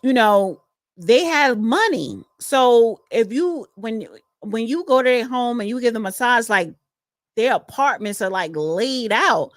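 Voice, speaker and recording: A woman from New chats on a livestream, frank and unhurried, tossing out "honey" as she reads the chat. Her voice sits a little high and takes its time. The sound is dry and close, recorded at home. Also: animated, no room sound. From East Orange, New Jersey. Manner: chatty and frank, calls listeners honey. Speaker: podcast co-host reading live chat.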